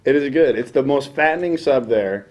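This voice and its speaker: A man's voice: mid-range voice, expressive, moderate pace. Young guy rambling thru a funny radio story, acts out everyone's voices, kinda self-deprecating. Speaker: late-night radio DJ, podcast guest. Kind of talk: casual anecdote telling.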